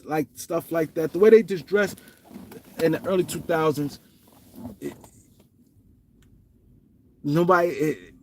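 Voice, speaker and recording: A man's voice: fairly high pitch, darkish tone. Slangy New York man, rambling. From Harlem, New York. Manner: rambling, repetitive, loose slangy delivery. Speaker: show host. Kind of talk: casual livestream commentary.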